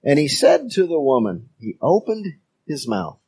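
A man preaching a sermon as a pastor, talking in a measured way with pauses and emphatic phrases. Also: fairly high pitch, wildly swooping pitch, gravelly, dark tone, breathy edge, dry recording.

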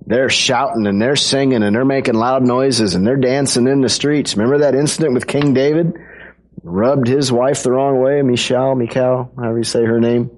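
A man's voice: medium pitch, fairly even intonation, normal speed. A man preaching a sermon to a congregation in a conversational, playful way, acting out quotes with his voice. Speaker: pastor.

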